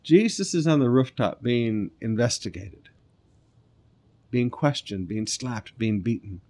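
A man, a pastor reading scripture and preaching in a conversational way, with lively asides and soft, earnest appeals. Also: medium pitch, a little slow.

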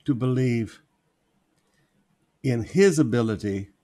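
A man's voice: mid-range voice, animated, slow pace, dark tone. A man preaching a sermon, repeating key phrases for emphasis as he reads and explains scripture.

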